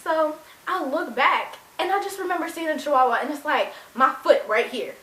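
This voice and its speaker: A young woman telling a casual storytime to her viewers, animated and acting out voices. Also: sits high, fairly quick, hardly any pauses. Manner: animated, addresses viewers as y'all, acts out quotes. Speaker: vlogger. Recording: echoey room.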